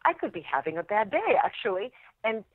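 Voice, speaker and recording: A woman actress telling stories as a podcast guest, animated and laughing often. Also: mid-range voice, brisk, no room sound. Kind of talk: interview storytelling. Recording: dry tinny phone line.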